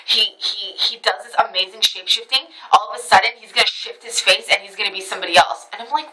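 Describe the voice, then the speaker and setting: A woman telling a personal story to camera in a casual, animated way, swearing freely and acting out what others said. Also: medium pitch, fast talker, few pauses, rough recording.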